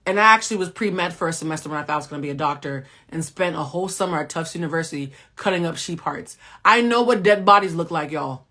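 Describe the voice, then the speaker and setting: A woman hosting a pop-culture recap, sassy and talking straight to her viewers, swinging between loud exclamations and a soft, low voice. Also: fast, hardly any pauses. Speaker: host and cultural critic.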